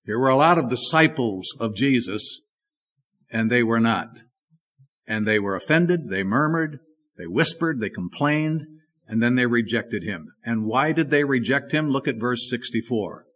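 A man's voice: medium pitch, animated, a little slow, fairly bright tone. Emphatic male preacher asking questions. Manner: emphatic, asks the congregation rhetorical questions. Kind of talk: sermon.

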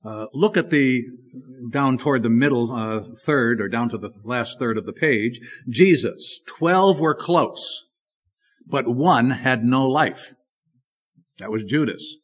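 A man's voice: medium pitch, lively intonation, slow pace. Guy preaching a bible sermon, emphatic, keeps asking rhetorical questions.

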